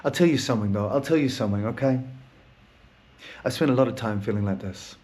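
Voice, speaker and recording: Male solo podcaster, mid-range pitch, raw and melancholy, loose rambling delivery with frequent swearing. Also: quick pace, a little mellow. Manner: rambling, heavy swearing, laughs through sad talk. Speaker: podcast host; therapist. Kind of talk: candid solo monologue.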